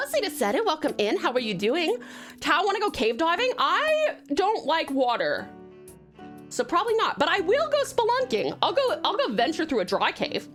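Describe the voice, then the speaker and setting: Woman, streamer, bubbly and giggly, high voice, very lively pitch, faint music behind. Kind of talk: casual live-stream chat.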